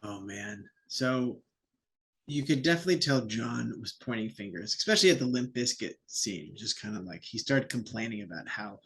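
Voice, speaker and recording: A man's voice: lowish voice, lively intonation, normal speed, breathy edge. A man who is a podcast guest, talking casually and heatedly and swearing freely. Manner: heated, sweary, puts on voices when quoting. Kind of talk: casual chat.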